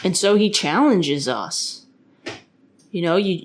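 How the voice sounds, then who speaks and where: A woman's voice: lowish voice, takes it slowly. A woman hosting her own podcast, talking casually and earnestly about faith, rambling with frequent restarts and fillers. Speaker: podcast host; parent of a young son.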